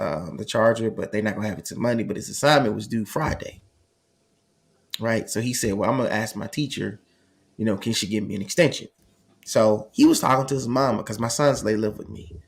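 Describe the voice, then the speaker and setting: Man telling a story in conversational talk. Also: fairly low pitch. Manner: conversational, frequent "you know what I'm saying" asides, acts out dialogue. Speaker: host. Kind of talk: casual storytelling.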